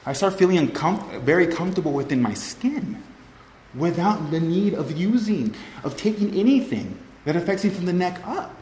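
A man's voice: high voice, expressive, normal speed, a little mellow. A man speaks to a group in a large, echoey hall, his voice ringing off the walls under a faint murmur of room noise. He tells his story in a loose, rambling, heartfelt way, circling back with "you know" and "right" as he talks. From Cuban family. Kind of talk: personal testimony to a group.

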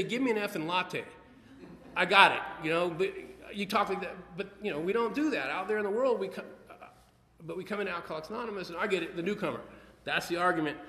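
A man speaking at a recovery meeting, telling his own story in a rambling, animated way with many restarts and acted-out quotes. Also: high-pitched. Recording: echoey hall, long reverb.

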